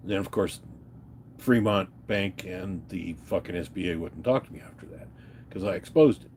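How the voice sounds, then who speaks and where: A man's voice: low voice, big pitch swings, measured pace, a little hiss or hum. A man livestreaming an unscripted, agitated rant, swearing and telling his viewers about his grievances. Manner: agitated, profane, ranting and telling stories to viewers. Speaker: livestreamer answering chat.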